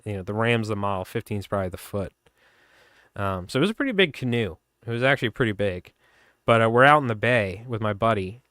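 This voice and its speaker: A man with a Long Island accent hosts a livestream and chats loosely, telling one story after another with plenty of laughter. His voice is smooth and clear. It sounds close and dry, recorded on a desk mic at his streaming setup. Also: fairly low pitch, no echo. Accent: Long Island New York. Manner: rambling, laughing, animated storyteller. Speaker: fly tying livestream host. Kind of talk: casual storytelling chat.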